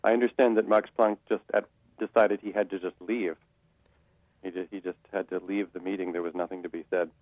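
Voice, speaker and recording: A man's voice: low-pitched, little pitch movement, no echo. Man speaking on a muffled radio interview. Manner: measured, with frequent restarts and fillers. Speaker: author and guest.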